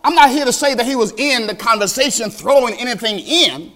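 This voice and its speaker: A male pastor preaching a sermon, animated, asking the congregation questions directly. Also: very high-pitched, brisk.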